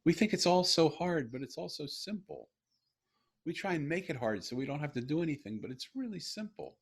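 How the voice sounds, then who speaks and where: A man's voice: fairly high pitch, animated, a little fast, husky. A middle-aged man, a guest author, telling a personal story in a podcast interview in an earnest, heartfelt way with frequent restarts.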